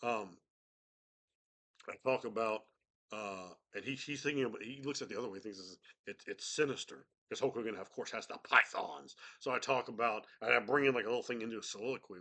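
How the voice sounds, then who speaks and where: Man with a cold, game master, rambling casual chat, lowish voice, very bright sharp tone. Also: fast talker. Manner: rambling, many restarts and fillers. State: has a cold. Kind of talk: casual chat about tabletop games.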